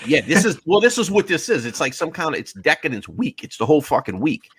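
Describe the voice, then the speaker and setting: A man's voice: a little high, sing-song, fast, fairly bright tone, husky, dry recording. A man telling rambling, profane stories with lots of laughter in a casual podcast chat. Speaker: guest.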